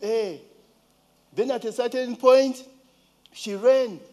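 A man's voice: very high-pitched, takes it slowly, darkish tone. A man with a Ugandan accent telling a casual story, asking rhetorical questions and now and then mimicking a child's voice.

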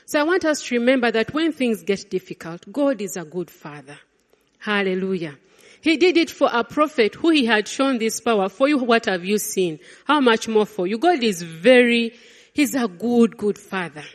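Woman preacher, sermon, animated, loud then hushed, long hall reverb. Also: medium pitch, moderate pace. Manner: animated, swings between loud exclamations and hushed quoted lines.

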